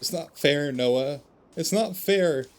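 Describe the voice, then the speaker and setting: A man's voice: medium pitch, animated, fast talker, voice pushed up, close to an everyday voice. A man voicing an upset young male companion in a game, pleading in a raised, insistent voice. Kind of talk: reading game dialogue aloud.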